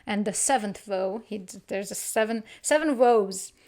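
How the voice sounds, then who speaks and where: A woman hosting a casual solo podcast, thinking aloud with restarts and quick laughs. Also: mid-range voice. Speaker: podcast host.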